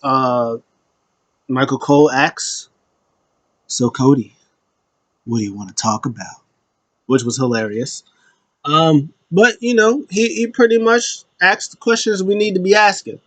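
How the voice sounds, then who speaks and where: Animated man recapping with acted-out quotes. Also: a little high, measured pace, long pauses, no room sound. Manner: animated retelling, acts out quotes, many fillers and laughs. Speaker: wrestling recap host. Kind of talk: casual recap commentary.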